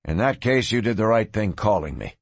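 A man doing a clipped, steady sheriff. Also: on the low side, brisk, vocal fry, no room sound, voice pushed down. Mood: commanding.

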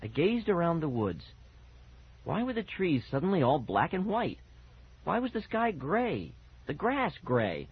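A man's voice: a little high, wildly swooping pitch, measured pace, breathy edge. A man narrating a first-person scary children's story on audiobook, dramatic and building suspense, on a muffled cassette recording.

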